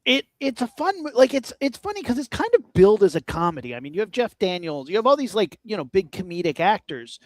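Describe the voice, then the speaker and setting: A man's voice: sits high, no echo, studio quality. A man co-hosting a podcast, chatting casually about horror movies in a rambling, joking way. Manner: rambling, animated, quick to joke. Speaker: podcast co-host.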